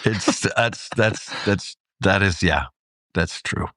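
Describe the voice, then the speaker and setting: A middle-aged man from Texas, a podcast co-host telling a story in a casual way, animated and laughing often. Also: sits low, slow, dry recording. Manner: animated, acts out voices in anecdotes, laughs often. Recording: dry close studio mic.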